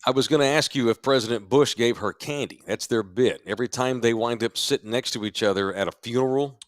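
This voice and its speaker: A man's voice: medium pitch, fairly quick, dry recording. A middle-aged man from Texas co-hosting a casual podcast from a sports bar studio, telling loose, rambling stories. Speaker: podcast co-host.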